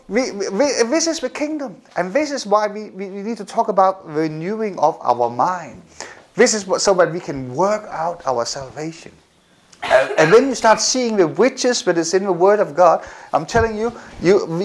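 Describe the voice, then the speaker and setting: Male preacher, high voice, animated delivery, frequent laughs and repeated phrases. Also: unhurried, slight background noise. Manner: animated, repetitive, laughs often. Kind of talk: sermon.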